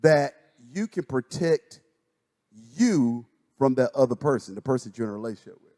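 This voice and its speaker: A man, a pastor, chatting casually and telling stories with lively acted-out quotes. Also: mid-range voice, normal speed. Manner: animated storytelling, acts out quotes. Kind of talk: casual chat. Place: church stage.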